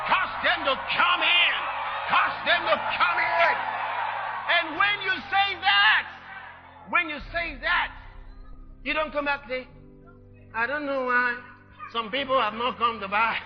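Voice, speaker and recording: A man preaching a sermon, shouting and repeating his exhortations. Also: very high-pitched, unhurried, long pauses, big-room sound, music in the background, a crowd in the background. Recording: dull lo-fi sermon recording.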